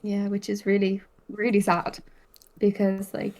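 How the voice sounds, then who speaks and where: A woman's voice: mid-range voice, completely flat delivery, measured pace, darkish tone, poor audio. Young Irish woman, podcast host, rambling casual chat, loose and filler-heavy. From Ireland. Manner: chatty, rambling, many fillers.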